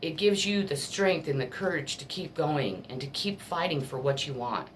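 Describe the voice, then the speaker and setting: A low-pitched woman speaks in a casual spiritual pep talk as a tarot reader. She sounds earnest and emotional, blunt and willing to curse. A faint hiss of background noise sits under the voice. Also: lively intonation, moderate pace.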